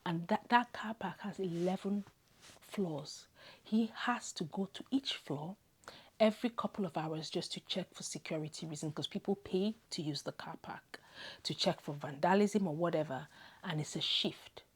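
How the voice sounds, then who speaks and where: A woman's voice: on the low side, normal speed, breathy edge. A woman from Zimbabwe telling a heartfelt personal story to camera, tearful and often dropping to a whisper. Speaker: vlogger.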